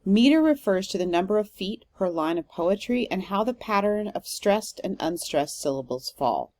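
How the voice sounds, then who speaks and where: A woman's voice: medium pitch, lively intonation, normal speed, a little mellow, no room sound. A woman professor giving a recorded literature lecture, explaining step by step with frequent "um" fillers.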